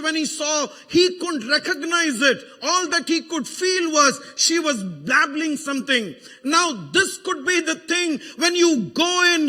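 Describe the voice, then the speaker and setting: A man with a Malayali accent preaching an emotional sermon as pastor, building to fervent shouted prayer. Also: very high-pitched. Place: church sanctuary. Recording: long church reverb.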